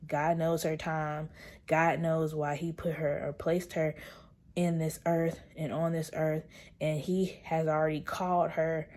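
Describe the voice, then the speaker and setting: A young woman vlogger talking casually and earnestly to her viewers, calling them y'all and sometimes dropping into soft whispered asides. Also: low-pitched. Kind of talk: casual chat to camera.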